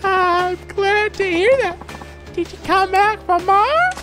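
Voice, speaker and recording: A man voicing a sweet, timid teenage schoolgirl in a sing-song falsetto while reading game dialogue on stream. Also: slow, bright, forceful tone, soft background music, heavily acted.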